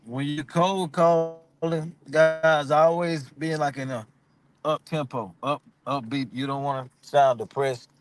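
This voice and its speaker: A man's voice: on the high side, fairly even intonation, takes it slowly. A man co-hosting a casual live chat, giving cold calling tips in a laid-back, joking way.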